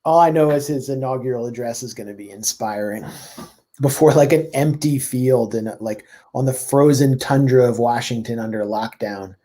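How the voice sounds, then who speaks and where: A journalist guest talking politics in a fast, sardonic run. His voice is mid-pitched for a man, and his talk is peppered with "like" and "I mean" as he builds his points. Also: mellow. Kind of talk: casual political chat.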